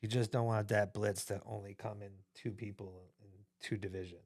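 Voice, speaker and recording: Gravelly rambling male podcast co-host. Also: fairly low pitch, steady tone, moderate pace, darkish tone. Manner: rambling, filler-heavy, teasing. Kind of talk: casual podcast discussion.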